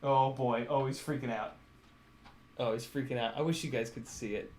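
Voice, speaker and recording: A man talks casually on a live stream at a middle pitch. He laughs easily, swears freely and scolds his cat mid-sentence. A faint background hiss sits under his voice. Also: fairly even intonation, moderate pace, a little mellow. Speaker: drone streamer. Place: home room with glass doors.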